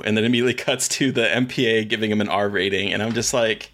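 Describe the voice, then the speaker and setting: A man's voice: fairly low pitch, fairly even intonation, fast, few pauses, a bit bright. A man co-hosting a podcast, chatting casually about films and shows, rambling and enthusiastic with many restarts. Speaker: podcast co-host.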